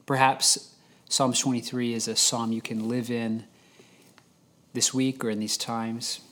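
Man, pastor, sermon, slow deliberate scripture reading, mid-pitched voice. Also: flat delivery, fairly bright tone. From United States. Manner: unhurried, reads scripture slowly with pauses.

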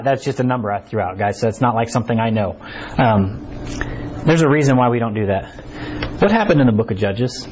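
A man's voice: medium pitch, background noise. A man preaching a conversational sermon to a small congregation in a church, often asking "right?". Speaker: pastor. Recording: slightly dull recording with faint ambience.

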